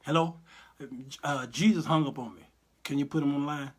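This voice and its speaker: A man hosting his own livestream commentary, lively and sermon-like in his delivery. His voice sits fairly high for a man. His talk is folksy and direct. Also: normal speed. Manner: animated, preachy, folksy. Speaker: host and Bible teacher.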